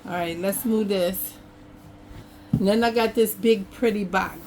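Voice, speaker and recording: A woman's voice: medium pitch, fairly even intonation, a little slow, a little mellow, slight background noise. A woman in casual chat at her home craft table, talking to her viewers in a folksy, chatty way. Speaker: craft vlogger. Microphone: camera on an over-table tripod.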